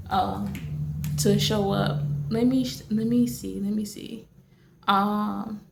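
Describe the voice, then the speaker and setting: A woman talks slowly and casually to her viewers, circling back with fillers and restarts. Her voice is gravelly and flat in pitch. The room around her is echoey. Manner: rambling, many fillers and restarts. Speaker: vlogger. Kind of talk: casual late-night talk to camera.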